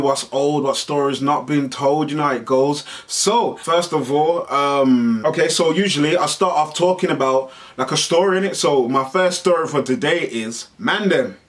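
A man hosting a vlog, telling a story in an animated, slangy way and swearing freely. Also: fairly high pitch. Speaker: vlog host. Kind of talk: casual storytelling monologue. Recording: voice a bit far from the mic.

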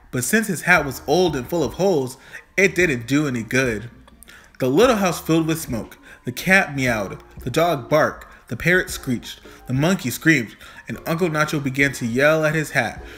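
A man reading a children's picture book aloud in a friendly, clear way. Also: medium pitch, a bit bright. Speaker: storybook reader.

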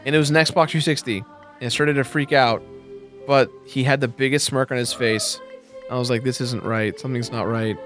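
A man's voice: mid-range voice, steady tone, moderate pace, a bit bright. A man in his twenties co-hosting a gameplay video, telling a rambling anecdote with casual commentary. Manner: rambling anecdotal storytelling, laughs at own punchlines. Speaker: let's play co-host. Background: faint game music.

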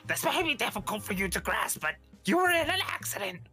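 A man doing a gravelly chain-smoking nurse. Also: high voice, big pitch swings, fairly quick, pushed and bright, soft background music, full character voice. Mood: hammy. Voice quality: raspy, gravelly smoker's voice. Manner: exaggerated, over-the-top line reading. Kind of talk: comedic voice acting over a game.

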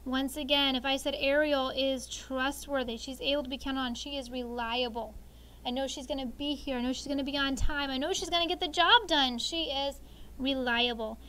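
A woman teacher leading a classroom vocabulary lesson, explaining words clearly and drawing them out syllable by syllable. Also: high voice, fairly even intonation, moderate pace, sharp tone, low-quality recording.

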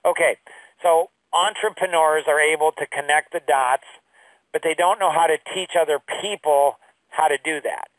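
A man teaching a business course through rambling stories, full of fillers, his voice jumping high when he quotes people. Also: moderate pace, a bit bright, dry recording, distant mic, low-quality recording. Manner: rambling storyteller with many fillers. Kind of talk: anecdotal online lesson.

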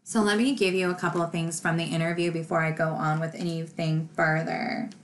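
A woman's voice: low voice, flat delivery, brisk. A woman casually retelling a true crime case, acting out the quoted dialogue with lots of "like" fillers.

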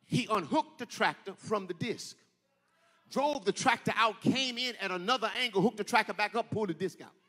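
A male pastor preaching a sermon, telling stories and rising into shouted, sing-song peaks. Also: high-pitched, lively intonation, normal speed, slightly rough. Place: church sanctuary. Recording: echoey church hall.

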